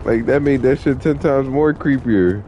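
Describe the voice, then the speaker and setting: A man's voice: medium pitch, moderate pace, dark tone, dull audio, a little hiss or hum. A young man streaming an online game, chatting with viewers in a laid-back, slangy, profane way. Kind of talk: casual live-stream chat.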